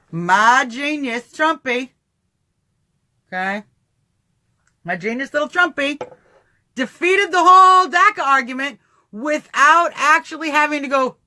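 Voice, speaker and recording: On a livestream, a woman with a high-sitting voice delivers lively political commentary, ridiculing opponents, imitating their voices, and cracking herself up.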